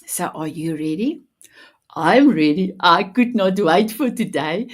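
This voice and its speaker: A woman in her fifties with a non-native English accent, hosting a talk show with effusive, direct warmth toward her audience. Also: on the low side, animated, a little slow. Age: 50s. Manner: effusive, addresses audience directly, leads breathing exercise. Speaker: show host. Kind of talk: enthusiastic talk show opening.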